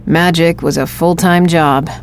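A woman narrating a story in the first person in a steady, scripted way. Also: low voice, a little slow, slight background noise.

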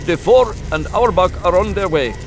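A man voicing a grave, shaken older scientist who speaks in formal, measured sentences. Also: sits high, lively intonation, faint music behind, pitched above the performer's own voice.

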